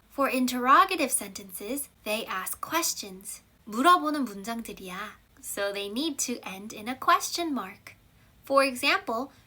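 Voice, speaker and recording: With a sharp tone and a voice on the high side, a Korean-accented woman teaches English grammar. She alternates between Korean and English, delivering example sentences very expressively.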